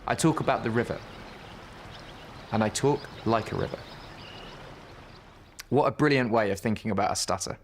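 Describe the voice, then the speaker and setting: A man reads a children's picture book aloud at bedtime, gentle and unhurried. His voice sits somewhat low. The storytelling stays calm and warm in pace throughout. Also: slight background noise.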